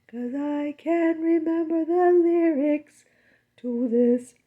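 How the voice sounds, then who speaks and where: A woman talks to her dog in a doting, sing-song baby-talk voice. Her voice sits high and her pace is very slow and drawn out. The home recording sounds dull and lo-fi. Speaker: dog owner. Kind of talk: casual talk to her pet.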